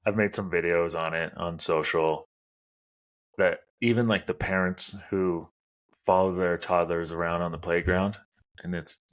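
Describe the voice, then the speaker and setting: A man in his thirties hosting a casual podcast chat, blunt and opinionated, swearing casually. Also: low-pitched. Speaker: podcast host.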